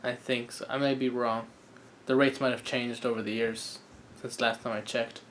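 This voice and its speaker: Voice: medium pitch, little pitch movement, normal speed, slight background noise. A reaction video host giving casual, joking commentary while watching an anime episode, thinking aloud with fillers and asides.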